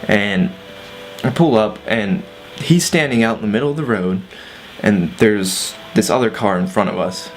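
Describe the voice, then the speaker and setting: Low-voiced man telling a story, swearing. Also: normal speed, soft background music. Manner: laid-back, swears, lots of fillers. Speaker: vlogger. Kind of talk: casual storytime vlog.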